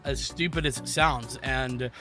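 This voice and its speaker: A man commentating a live esports match, calling the action excitedly and giving analysis. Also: medium pitch, music in the background. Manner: quick, excitable call of the action. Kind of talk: live play-by-play and colour commentary.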